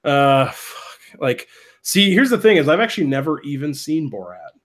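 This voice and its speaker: A young man hosting a late-night livestream, rambling through his thoughts with plenty of fillers and laughter. His voice sits a little high. He talks straight into his computer mic. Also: sing-song, moderate pace, a little hiss or hum. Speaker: livestream host. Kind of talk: casual livestream chat. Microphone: computer mic, mutes while typing.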